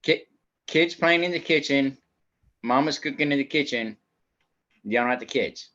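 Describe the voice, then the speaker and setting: A man's voice: mid-range voice, normal speed. A man on a podcast setting up stories with lots of chuckling. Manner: animated storyteller, chuckling. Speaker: podcast co-host. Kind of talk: casual chat. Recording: dull lo-fi remote audio.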